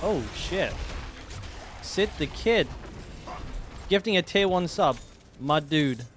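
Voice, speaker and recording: A man's voice: on the high side, animated, slow pace, background noise. A young man streaming a game, talking in a laid-back, rambling way with plenty of slang. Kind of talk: casual live-stream commentary. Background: game music.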